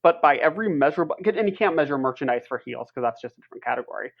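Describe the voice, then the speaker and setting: A man's voice: on the high side, expressive, very fast, gravelly, dull audio. A man co-hosting a wrestling podcast in a casual chat, ranting heatedly and swearing as he talks.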